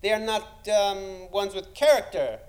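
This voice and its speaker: A man's voice: sits high, noisy background, pitched above the performer's own voice. A man doing a chatty Spanish crew assistant. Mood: cheerful. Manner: halting broken English, searching for words. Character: friendly Spanish male production assistant.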